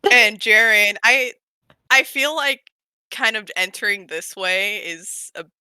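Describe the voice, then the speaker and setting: Woman, role-play player, giggly, halting, slow, bright tone, lively pitch. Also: clean tone, no echo, rough recording. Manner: giggly, halting, full of fillers. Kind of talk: tabletop role-play storytelling.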